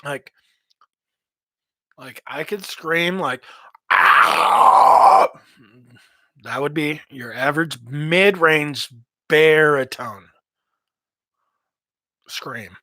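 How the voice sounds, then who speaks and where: A man's voice: a little high, drawn-out words, long pauses, bright, forceful tone, no echo. A man, a metal vocalist, giving rambling casual advice on singing, repeating himself as he goes. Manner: rambling, repeats words, demonstrates screams and growls.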